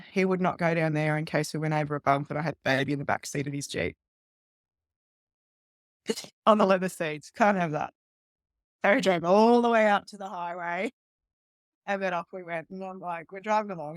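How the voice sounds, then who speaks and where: A woman's voice: on the low side, brisk, no room sound, clean studio sound. A woman, a guest police detective, telling a story in casual talk and acting out the voices of the people in it. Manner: animated retelling, acting out quoted voices with laughs.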